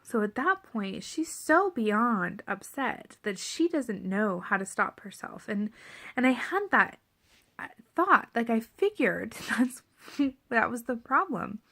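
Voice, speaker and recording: Candid pregnant young woman vlogging, hushed. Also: on the high side, very animated, slow pace. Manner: candid, reflective, often dropping to a near whisper. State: seven and a half months pregnant. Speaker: parenting vlogger. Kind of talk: casual storytelling to camera.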